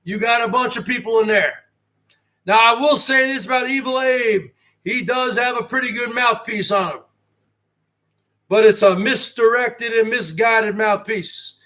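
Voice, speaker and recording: A brash man in his forties, hosting a livestream rant, who swears and swings from a quiet voice to a shout. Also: extremely high pitch, unhurried. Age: 40s. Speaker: host.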